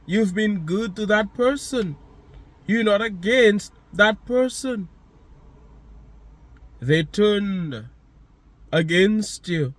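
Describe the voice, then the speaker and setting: A man's voice: sits high, fairly bright tone. A man giving a motivational monologue, speaking to the listener directly with emphatic, repeated phrases.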